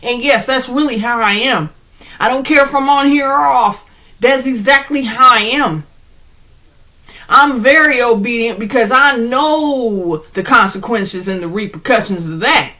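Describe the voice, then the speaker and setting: Woman spiritual vlogger, high bright voice, animated, slangy, preachy and laughing. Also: measured pace. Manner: preachy, addresses viewers directly. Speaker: spiritual channel host. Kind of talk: casual spiritual pep talk.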